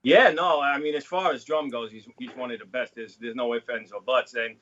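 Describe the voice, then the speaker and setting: A man's voice: medium pitch, steady tone, a little fast, a bit bright, lo-fi sound. A man in casual chat as a guest on a video call, rambling, with lots of you know. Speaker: guest drummer.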